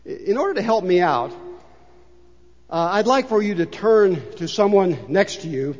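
An older man preaching a sermon as a pastor, swinging between loud emphasis and hushed asides. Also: high voice, expressive, unhurried. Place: church sanctuary. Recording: dull reverberant church recording.

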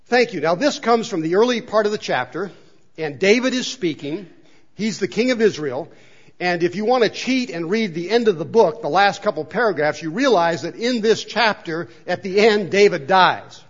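A man's voice: sits high, lively intonation, normal speed, lo-fi sound. A man preaching a sermon in a chapel, talking conversationally and asking the congregation questions. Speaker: pastor. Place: church chapel.

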